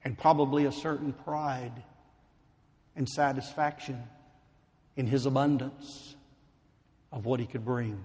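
A man preaching a sermon, slow and emphatic, building to fervent pleading. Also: medium pitch, fairly even intonation, darkish tone. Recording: long hall reverb.

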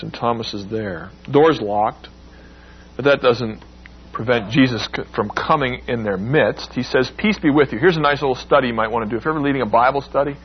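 A man preaching a sermon, expressive and emphatic, acting out the quoted lines with sudden rises. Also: mid-range voice, highs cut off, slight background noise.

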